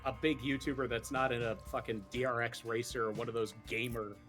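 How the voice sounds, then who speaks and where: Young guy streamer ranting and laughing, bright voice. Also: mid-range voice, a little fast, faint music behind. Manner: animated, swearing, laughs often. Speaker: streamer host. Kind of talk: casual stream chat.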